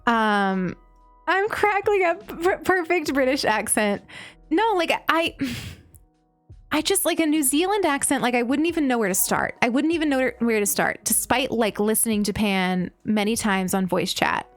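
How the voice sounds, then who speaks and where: At a moderate pace and a fairly high pitch, a young American woman chats with her viewers while streaming a game, soft music playing in a dry recording. She reads chat and tells animated, giggly stories, laughing often.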